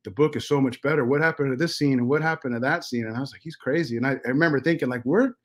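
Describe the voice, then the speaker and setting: Profane, animated middle-aged male storyteller. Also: medium pitch, racing. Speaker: podcast guest. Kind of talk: casual storytelling.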